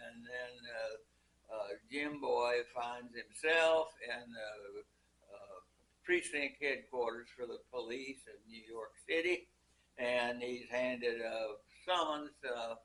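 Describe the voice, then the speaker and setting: An older man telling a long joke as a story, pausing a lot and restarting his sentences. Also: mid-range voice, bright, forceful tone, slight background noise, rough recording. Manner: hesitant, many fillers and restarts.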